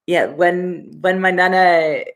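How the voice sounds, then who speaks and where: A woman's voice: lowish voice, steady tone, takes it slowly. A woman giving a casual live-stream tarot reading, chatty and rambling, laughing often between thoughts. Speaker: tarot reader.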